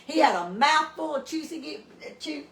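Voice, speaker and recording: A high-voiced woman from chats casually and agreeably, often chiming in with short affirmations. She sounds distant from the mic in an echoey room. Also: expressive, moderate pace, fairly bright tone, a little hiss or hum. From East Texas. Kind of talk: casual chat.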